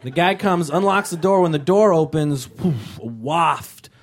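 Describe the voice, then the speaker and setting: A young man from Rhode Island, doing a stand-up comedy set with deadpan delivery. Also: a little slow. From Rhode Island, USA. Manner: deadpan delivery with sudden high-pitched character voices.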